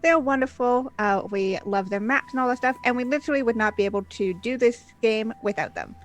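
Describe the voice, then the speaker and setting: A woman game master with a fairly high, fairly quick voice opens a tabletop role-playing stream with an intro and announcements. She's upbeat and chatty, using many filler sounds.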